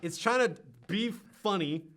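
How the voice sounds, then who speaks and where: Man, podcast co-host, casual film chat, profane, exasperated, high voice, very lively pitch. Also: measured pace. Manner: profane, exasperated, acts out scenes in mocking voices.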